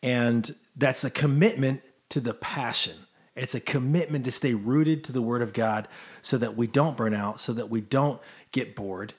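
An upbeat man in his forties hosts a relaxed church conversation. He sits at an average pitch and talks in an encouraging, easy way, urging listeners on with friendly energy. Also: normal speed. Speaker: host, church songwriter. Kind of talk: casual faith conversation.

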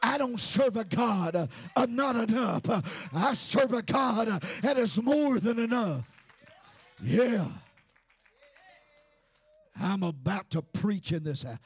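A man preaching a sermon with fervent, shouted, sing-song delivery and frequent "uh" fillers. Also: sits high, lively intonation, slow, pauses often, husky.

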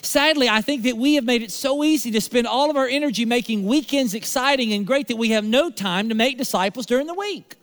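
High-pitched preaching man in a reverberant hall. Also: fairly bright tone. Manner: preaching with rhetorical repetition and emphatic pauses. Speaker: pastor. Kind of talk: sermon.

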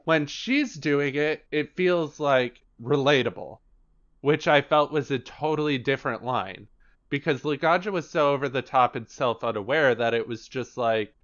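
Male podcast co-host, smooth resonant voice, chatty and filler-heavy, slightly dull lo-fi sound. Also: medium pitch, normal speed, a bit bright. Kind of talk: casual chat.

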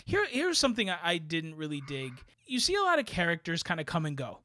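A man with a fairly high voice, chatting on a film podcast. He talks in an animated, blunt way and drops slangy asides. The sound is close and dry, with no room around it. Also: fast, dry recording. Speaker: podcast co-host. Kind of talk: casual chat.

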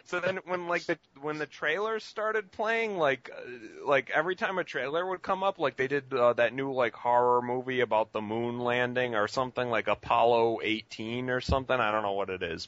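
Male podcast co-host, energetic storyteller, bright tone, dry lo-fi recording. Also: mid-range voice, normal speed, few pauses. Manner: excited storytelling full of "like" fillers. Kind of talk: casual chat.

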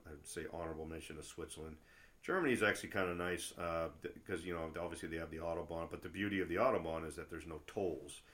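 A man's voice: low voice, fairly even intonation, quick pace. A middle-aged man chatting casually as a travel vlogger, rambling through stories with lots of fillers and restarts and getting worked up when he rants. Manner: gets loud and worked up when ranting. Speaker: travel vlogger and tour guide. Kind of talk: casual chat.

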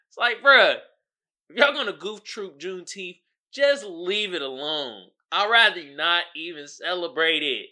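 Man, animated podcast commentary, bright tone, loud outbursts. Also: sits high, measured pace. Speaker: podcast host. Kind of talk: casual comedic commentary.

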